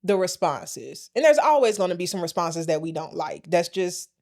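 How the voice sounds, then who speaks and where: A woman's voice: fairly low pitch, sing-song, moderate pace, darkish tone. An American woman co-hosting a casual podcast chat, talking straight to her listeners in a folksy, blunt way. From United States. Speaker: podcast co-host.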